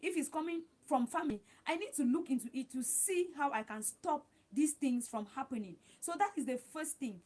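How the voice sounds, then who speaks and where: A woman with a high voice hosts a live stream and gives casual advice. She talks in a chatty, repetitive way and calls her viewers guys. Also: a little mellow. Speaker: livestream host.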